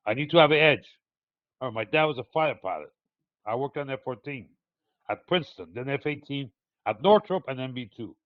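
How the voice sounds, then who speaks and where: A man's voice: medium pitch, dry recording. An older man with a non-native English accent, a market analyst teaching a live webinar, digressive and hesitant with many fillers as he explains step by step. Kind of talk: live chart walkthrough for traders. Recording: tinny phone-like dry sound.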